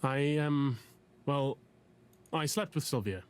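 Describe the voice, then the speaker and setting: An actor playing a hesitant, awkward man in counseling who speaks haltingly with many fillers. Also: medium pitch, close to an everyday voice. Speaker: client.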